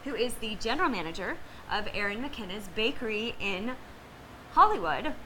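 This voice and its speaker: A woman's voice: a little high, expressive, moderate pace, pushed and bright, slight background noise, poor audio. A woman hosting a casual cooking vlog, bubbly and gushing, laughing often. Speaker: host.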